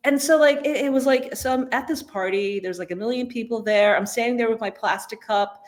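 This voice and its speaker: Animated sarcastic woman co-host. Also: fairly high pitch, brisk. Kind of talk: casual political chat.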